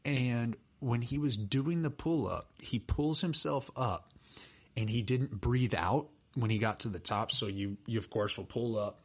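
A man's voice: medium pitch, measured pace, breathy edge. A young man, a personal trainer chatting casually on a podcast and telling stories with plenty of fillers. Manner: chatty, animated storyteller with laughs and fillers. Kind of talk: casual podcast chat and storytelling.

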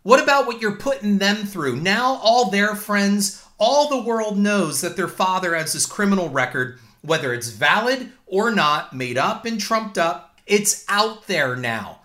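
A man's voice: high-pitched, animated, a little slow, few pauses, bright, forceful tone. A man hosting a talk show, delivering a blunt, indignant and profane opinion rant. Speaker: podcast host.

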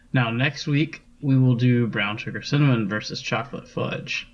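A man's voice: medium pitch, measured pace, dull audio. A man co-hosting a podcast, talking in a laid-back, chuckling way as he walks through the bracket. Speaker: podcast co-host. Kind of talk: casual chat.

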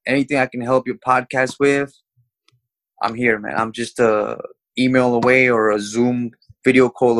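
A man who works as a plumber, guesting on a podcast and talking in a friendly, halting way with many fillers. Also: medium pitch, a bit bright, no echo. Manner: friendly, stumbles and uses fillers. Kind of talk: casual interview chat.

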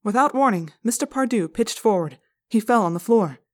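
A woman reading an audiobook aloud in the first person, with steady, measured narration. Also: a little high. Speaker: audiobook reader.

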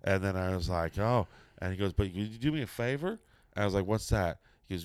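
Deep-voiced man telling a profane story. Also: fairly quick, hardly any pauses, smooth, no echo, clean studio sound. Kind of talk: casual anecdote telling.

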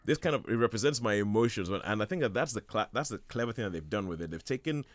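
A man with a slightly low voice rambles eagerly about a film, full of false starts and quick laughs. The sound is dry and close, with no room echo at all. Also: expressive. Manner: enthusiastic, rambling, laughs often. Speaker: film reviewer on a radio show. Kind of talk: casual chat.

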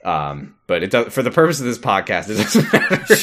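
A man's voice: fairly low pitch, huge pitch swings, brisk, fairly bright tone, slight background noise. A man cohosting a podcast, casually recapping a TV episode, laughing and acting out quoted lines.

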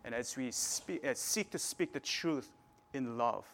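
A man's voice: mid-range voice, a little slow, a bit bright. A man preaching a sermon in a conversational way, often checking in with the listeners. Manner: conversational preaching, frequent "right?" tags.

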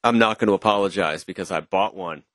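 A man's voice: sits low, fast, fairly bright tone, dry recording, studio quality. A young man co-hosting a podcast, chatting casually and telling rambling jokey stories into a podcast mic with a pop filter. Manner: joking, rambling storyteller. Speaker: podcast co-host. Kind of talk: casual chat.

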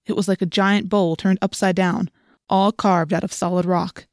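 A woman's voice: on the low side, steady tone, moderate pace, no room sound. Woman reading an audiobook, dry and close. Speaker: audiobook narrator. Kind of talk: first-person audiobook narration.

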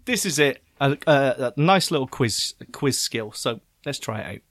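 Lively, jokey British man. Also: medium pitch, no room sound, clean studio sound. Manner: chatty, jokey, quick to laugh. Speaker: podcast co-host. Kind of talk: casual chat.

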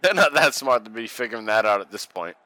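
A man co-hosting a casual watch-along podcast, joking, profane and excitable. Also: medium pitch, fast talker, dry recording, low-quality recording. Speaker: podcast co-host.

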